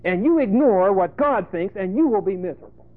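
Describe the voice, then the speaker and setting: A male preacher giving a folksy sermon, emphatic, with sudden loud bursts and asides. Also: high voice, expressive, fairly quick. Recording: tinny phone-like lo-fi sermon tape.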